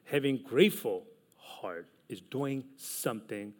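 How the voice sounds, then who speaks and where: Male pastor, unhurried sermon delivery with loud emphatic peaks and hushed asides; mid-pitched voice.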